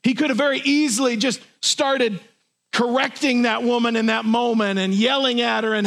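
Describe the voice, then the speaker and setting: Pastor, male, high voice, earnest sermon delivery. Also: fairly even intonation, normal speed, gravelly, a bit bright. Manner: earnest preaching, acts out imagined voices.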